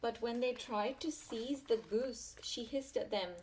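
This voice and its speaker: A woman reading a rhyming picture book aloud in a sing-song way, pausing for little asides to her listener. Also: fairly high pitch, darkish tone, slight background noise. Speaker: storyteller.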